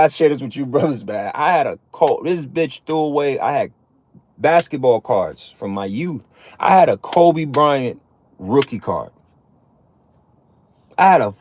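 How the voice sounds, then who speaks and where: A man giving a casual, preachy monologue to other men, cursing often and repeating himself in street slang. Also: fairly high pitch. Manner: profane, repetitive, streetwise slang. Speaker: online preacher addressing men.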